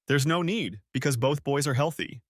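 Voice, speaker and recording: A man's voice: mid-range voice, animated, normal speed, dry recording, clean studio sound, lightly acted. A man voicing an adult wife who stammers defensively and pleads through tears. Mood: tearful. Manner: stammering, defensive then sobbing.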